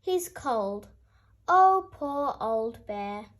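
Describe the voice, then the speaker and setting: A bouncy, fearless young hare who always wants to help, as a woman reading aloud plays him. His high voice leaps up and down with eagerness, and he talks at an easy, unhurried pace. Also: expressive. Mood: gentle. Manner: bright and eager.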